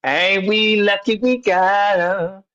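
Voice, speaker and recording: Man, high voice, slow and playful, casual sports talk, dry muffled audio. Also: fairly even intonation, sharp tone, smooth. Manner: playful, laughing, teasing. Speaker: co-host of a sports talk stream.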